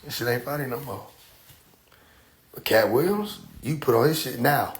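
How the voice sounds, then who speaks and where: There's a slight hiss or hum behind this young man's mid-range voice as he speaks at a moderate pace. As a streamer, he tells a funny story from when he was a kid, swearing freely, laughing often, and staying animated throughout his casual monologue.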